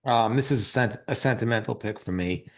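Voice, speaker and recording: A man's voice: medium pitch, brisk. A man co-hosting a casual movie podcast, talking in a rambling, emphatic way and often repeating words. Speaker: podcast co-host.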